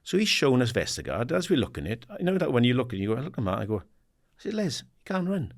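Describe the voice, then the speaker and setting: In a casual storytelling interview, a man in his sixties from England, once a footballer and assistant manager, races along in a mid-range voice. He acts out quoted dialogue in animated anecdotes, laughs frequently, swears casually and says "mate".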